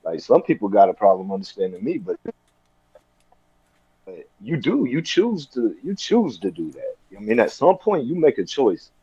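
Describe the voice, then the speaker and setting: A man's voice: on the low side, sing-song, normal speed, dark tone, breathy edge, no room sound. A man on a live stream video call, talking in a laid-back, slangy way. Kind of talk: casual chat. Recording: dull, dry, lo-fi call audio.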